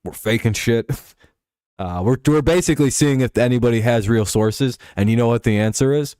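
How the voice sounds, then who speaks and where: A man's voice: mid-range voice, normal speed, darkish tone, clean tone, no echo. A man hosting a casual sports commentary show, rambling and profane, laughing often between points. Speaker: show host.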